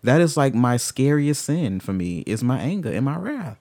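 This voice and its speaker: A man in candid conversation who swings from brooding and low to loud and fired up, swearing freely. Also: sing-song, moderate pace, no room sound.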